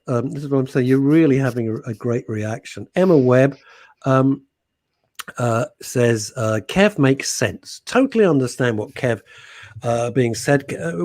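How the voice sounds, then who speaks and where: A man's voice: medium pitch, a little mellow, no room sound. A man co-hosting a radio talk show, reading listener comments aloud with hesitant fillers. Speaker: radio co-host.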